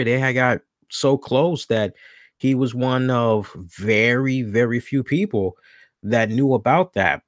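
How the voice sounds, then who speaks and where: A man hosting a solo podcast, rambling along in casual talk and stopping now and then to correct himself. His voice sits at an ordinary middle pitch. The recording is dry and close, with no room sound. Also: no room sound. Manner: rambling, self-correcting, thinks aloud. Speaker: podcast host.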